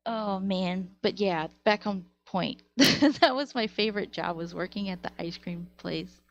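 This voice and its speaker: A woman live streamer telling stories in a casual, animated way, laughing often. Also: on the low side, unhurried, dull audio. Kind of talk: casual storytelling to chat.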